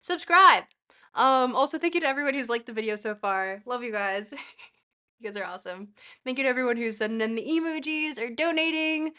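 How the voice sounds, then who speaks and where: High-pitched young woman reading philosophy on stream, giggly, keeps thanking chat. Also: fast talker, fairly bright tone. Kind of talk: casual livestream lesson, reading aloud with tangents.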